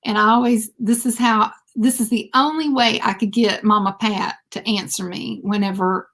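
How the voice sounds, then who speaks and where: A woman, chatting casually on a livestream with lots of fillers and laughs. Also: mid-range voice. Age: 50s. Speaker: beauty vlogger.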